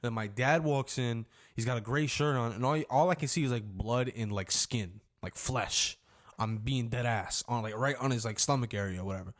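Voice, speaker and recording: A man's voice: mid-range voice, moderate pace. Young man rambling through a slangy story. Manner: rambling, slangy, swearing freely; acts out shouts and screams when quoting. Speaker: storyteller vlogger. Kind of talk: casual story time.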